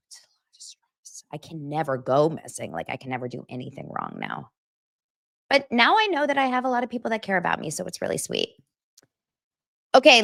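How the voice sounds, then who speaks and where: A woman's voice: lowish voice, a bit bright, dry recording, clean studio sound. A woman hosting a podcast, chatting casually about celebrity gossip with playful, self-mocking exaggeration. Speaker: podcast host.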